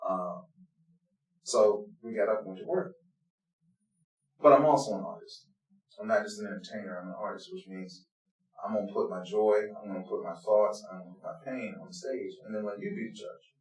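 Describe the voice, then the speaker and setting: A man's voice: fairly low pitch, moderate pace. Earnest man telling stories in a roomy space. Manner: earnest, heartfelt, swings between hushed and loud. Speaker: blues band leader, interview guest. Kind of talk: personal storytelling in an interview. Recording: roomy, distant from the mic.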